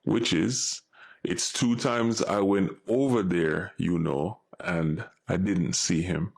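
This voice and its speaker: A Jamaican man with a lowish, gravelly voice explains phrases slowly. He translates each example line by line in a measured way. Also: a little mellow. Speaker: language teacher.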